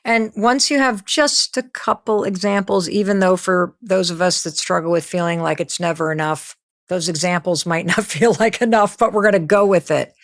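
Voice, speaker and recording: A woman's voice: fairly low pitch, moderate pace. A woman hosting an interview, chatting casually and laughing easily. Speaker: podcast host. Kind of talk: interview conversation.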